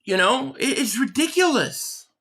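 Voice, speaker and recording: A man hosting a live game reaction stream, ranting in frustration, stammering and shouting at plays. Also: very high voice, expressive, unhurried.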